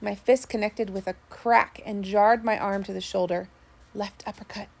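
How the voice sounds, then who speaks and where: A woman narrating a first-person sea story, steady with small slips. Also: mid-range voice, normal speed, gravelly. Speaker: audiobook narrator.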